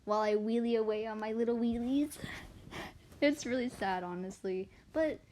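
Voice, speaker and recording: Young woman, late teens, livestream chat while drawing, rambling stories, self-deprecating, animated ups and downs. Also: a little high, moderate pace, a little hiss or hum. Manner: chatty and animated, voice swinging up and down. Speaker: artist livestreamer.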